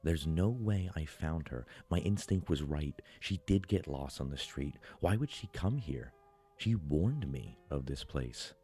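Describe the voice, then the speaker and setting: Very deep, dark-voiced male horror narrator. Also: expressive, slightly rough, soft background music. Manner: slow, measured, dramatic pauses.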